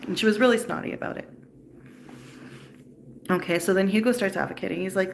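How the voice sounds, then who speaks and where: Woman, gravelly fry in her voice, upset and bitter, livestream storytelling. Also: mid-range voice, fairly even intonation, a little fast, long pauses, a little hiss or hum. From Canada. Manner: upset, bitter, recounting events. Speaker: livestream host.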